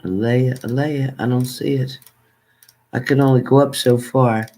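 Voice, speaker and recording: An older man casually chatting on a livestream, warmly thanking viewers by name and calling them hon. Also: medium pitch, steady tone, unhurried. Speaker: livestream host.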